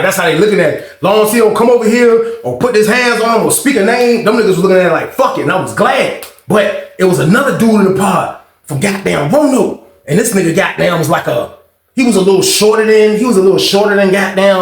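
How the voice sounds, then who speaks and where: A man hosting a casual storytime monologue, animated and profane, acting out the voices in his tale. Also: high voice, fast talker, reverberant. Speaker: storytelling channel host.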